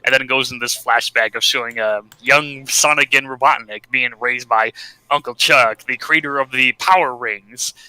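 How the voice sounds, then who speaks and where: A man's voice: medium pitch, normal speed, bright, forceful tone, clear, resonant tone, no echo, rough recording. A man recapping a comic in casual podcast chat, laughing often and slipping into quoted voices. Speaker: podcast co-host.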